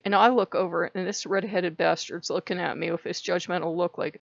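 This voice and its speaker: A woman casually telling a story to camera, animated and laughing, acting out the voices she quotes. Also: fairly low pitch, a little fast, vocal fry, no room sound. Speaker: spiritual vlogger. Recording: slightly dull dry lo-fi recording.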